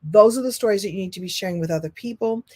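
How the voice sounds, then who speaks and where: A woman giving an animated live-stream coaching talk, repeating phrases for emphasis and swinging from loud and high to soft and low. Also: rapid-fire. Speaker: speaker and business coach.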